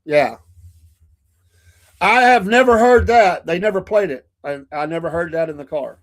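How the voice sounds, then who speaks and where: A man's voice: high-pitched, lively intonation, moderate pace. A man co-hosting a casual chat show, telling funny stories and laughing often. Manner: storytelling, laughs often, acts out quoted voices. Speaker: podcast co-host.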